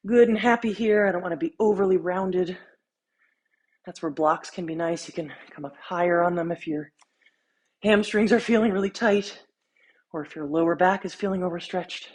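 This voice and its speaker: A woman fitness instructor talking a follow-along workout while she exercises, counting reps, out of breath, relaxed and encouraging. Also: fairly low pitch, moderate pace, slightly rough.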